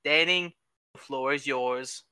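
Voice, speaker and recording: A man's voice: mid-range voice, takes it slowly, sharp tone, smooth, no echo. A young man hosting a casual podcast with friends, teasing and often breaking into laughter. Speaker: podcast host. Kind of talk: casual chat.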